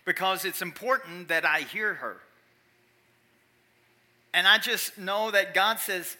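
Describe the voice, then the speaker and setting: A man preaching a sermon in church, animated, swinging from quiet asides to loud emphatic calls. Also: high voice, takes it slowly, pauses often. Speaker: pastor.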